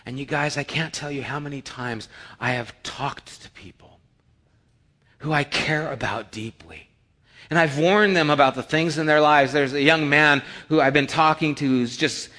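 Telling personal stories from the pulpit, a middle-aged male pastor acts out the dialogue with mounting excitement. His pitch is fairly high and his pace moderate.

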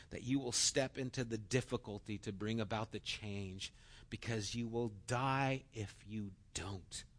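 A middle-aged man preaching a sermon in an earnest, storytelling way and acting out quotes. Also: on the low side.

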